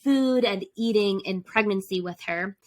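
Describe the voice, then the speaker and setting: A woman's voice: medium pitch, normal speed, rough recording. A woman co-hosting a podcast in a casual chat, chatty and laughing often. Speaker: podcast co-host.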